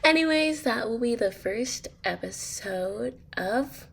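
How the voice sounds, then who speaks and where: This is a woman narrating a homemade story in a relaxed, rambling way and often losing her thread. Her voice sits fairly high and her pace is slow and unhurried. Faint background noise sits under her voice. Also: vocal fry. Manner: rambling, easily sidetracked, many fillers. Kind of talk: casual spoken storytelling over gameplay.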